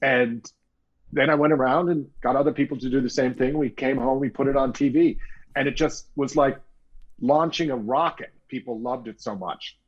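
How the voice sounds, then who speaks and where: A middle-aged man from Canada, a guest author being interviewed, telling stories with animated quoted voices. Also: medium pitch, moderate pace, breathy edge, lo-fi sound. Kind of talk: storytelling interview talk.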